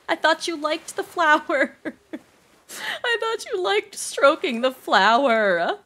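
A woman's voice: sits high, huge pitch swings, slow pace, fairly bright tone. A young adult woman streamer giving casual gameplay commentary, stressed and swearing often. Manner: stressed, swears often, laughs, reads game text aloud. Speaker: streamer playing a video game. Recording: faint game music behind.

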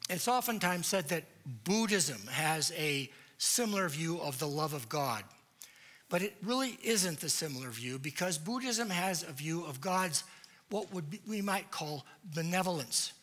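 Male church lecturer, rhetorical questions, emphatic, bright tone, slightly raised pitch. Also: lively intonation, a little slow.

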